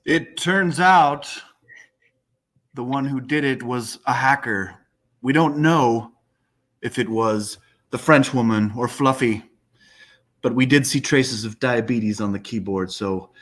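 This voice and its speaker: Slow-talking man in detective-style narration. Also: mid-range voice, fairly bright tone. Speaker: improv performer.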